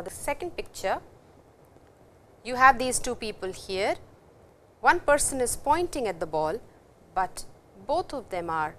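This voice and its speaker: A woman giving a recorded university language lecture, speaking slowly and patiently, repeating words and stressing how they sound. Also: medium pitch, fairly bright tone. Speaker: language teacher.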